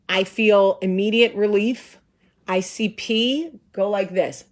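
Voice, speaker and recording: A woman in her forties, the host, telling a story in a lively, sarcastic way and acting out the voices of the people in it. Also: mid-range voice, takes it slowly. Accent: New Jersey. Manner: animated, sarcastic, acts out voices. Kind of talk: casual storytelling.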